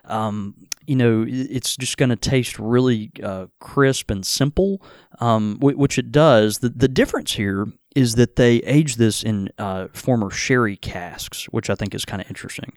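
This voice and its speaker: A man talks loosely about a drink, rambling and circling back with plenty of ums and restarts. His voice sits at an ordinary middle pitch. The sound is dry and close, with no room around it. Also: measured pace, dry recording. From American South. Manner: rambling, many fillers and restarts. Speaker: podcast host. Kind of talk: casual whiskey tasting chat.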